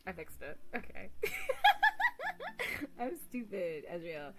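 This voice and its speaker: A woman's voice: mid-range voice, lively intonation, normal speed, fairly bright tone. A woman streamer chatting casually with her viewers, rambling, giggly and crude, often mocking herself. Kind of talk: casual livestream chat. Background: faint music.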